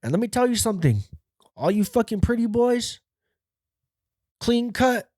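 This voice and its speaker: A hard, furious inmate barks threats in a voice pushed far up and loud, as a man puts him on. He rants with profanity and a menacing edge. The sound is close and dry. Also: very high voice, sing-song, a little slow, no echo, pitched above the performer's own voice, exaggerated voice. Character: furious shouting adult male jail inmate.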